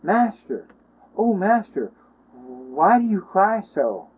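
A man voicing a gentle, wise old male beggar who speaks softly and slowly. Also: high-pitched, very animated, breathy edge, voice pushed up, full character voice. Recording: tinny phone-line sound.

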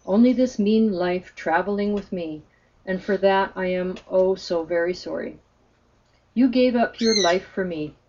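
A woman reading the part of a dying old man who softly pleads for forgiveness, on a slightly muffled recording. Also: medium pitch, a little slow, slight background noise, natural voice. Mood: remorseful. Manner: soft, pleading confession.

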